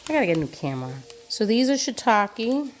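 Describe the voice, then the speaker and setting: A woman's voice: on the high side, big pitch swings, brisk, a little hiss or hum. A woman talking casually and enthusiastically to her phone camera at home, showing her vegetables and eating as she goes. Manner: chatty, enthusiastic, eats while talking. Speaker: vlogger showing a farm share haul. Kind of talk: casual chatty vlog.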